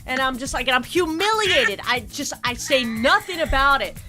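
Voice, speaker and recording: American woman, 40s, podcast co-host; high, sharp voice, animated storyteller who laughs often. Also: moderate pace, faint music behind. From United States. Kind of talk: casual chat.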